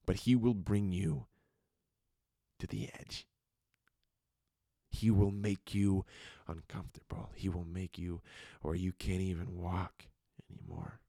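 A man preaching a quiet devotional sermon, speaking slowly and deliberately and often sinking into a whisper. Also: sits low, creaky, husky, dry recording, clean studio sound.

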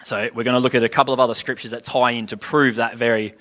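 A man's voice: mid-range voice, flat delivery, fast talker, fairly bright tone. A man giving an informal Bible teaching, reading scripture passages aloud and then explaining them in an easygoing, conversational way, with questions to his listeners.

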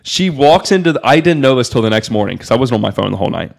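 A man's voice: medium pitch, racing, creaky. A young man, a podcast guest, telling casual stories full of "like" and swearing. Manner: loose and animated, heavy on "like" fillers and swearing. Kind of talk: casual storytelling.

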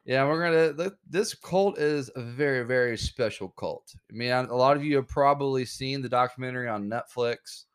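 A young man hosting a casual podcast, laid-back and joking, talking in halting bursts with fillers. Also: mid-range voice, clear, resonant tone. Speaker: podcast host.

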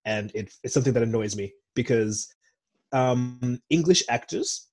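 A man's voice: mid-range voice, normal speed, darkish tone. A young man from Zimbabwe with an American accent, co-hosting a podcast in casual, rambling chat and often correcting himself. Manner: rambling, digressive, self-correcting. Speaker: podcast co-host.

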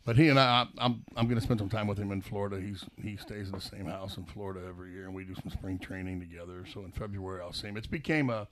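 A man's voice: low voice, quick pace, few pauses, fairly bright tone. A middle-aged man telling stories in a casual chat as a guest, rambling with many restarts and laughs. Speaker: guest, business owner.

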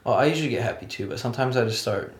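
A man's voice: mid-range voice, rapid-fire. A man hosting a casual chat with friends, easygoing, joking and teasing. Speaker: host. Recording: echoey room.

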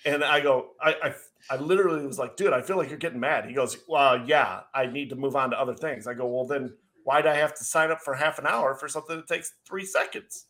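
Sarcastic storytelling man, mid pitch. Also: fast talker. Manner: animated, sarcastic storyteller with mocking asides. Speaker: podcast co-host. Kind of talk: casual storytelling chat.

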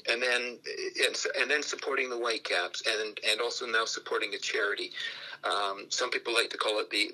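An older man from Canada, a radio interview guest who tells lively stories and acts out the voices in them. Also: medium pitch, husky, poor audio. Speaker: guest, fan group founder.

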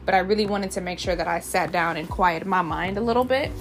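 A young woman vlogging in a casual, expressive and slangy way, laughing often as she talks. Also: lowish voice, a little fast, soft background music. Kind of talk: casual chat.

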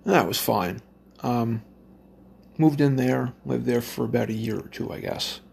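A man's voice: mid-range voice, measured pace, vocal fry, darkish tone, husky. A man casually telling a rambling personal story, swearing constantly. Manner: heavy swearing, rambling with restarts.

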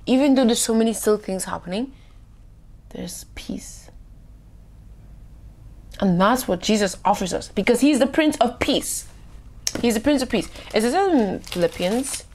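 Expressive woman reflecting on scripture. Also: medium pitch. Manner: expressive, acts out the scripture scenes; casual speech with many "like" fillers. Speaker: devotional podcast host. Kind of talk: informal Bible reflection.

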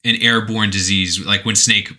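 A man co-hosting a podcast, casually retelling a video game's story and acting out characters' lines in loud put-on voices. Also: lowish voice, fairly even intonation, normal speed. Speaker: podcast co-host.

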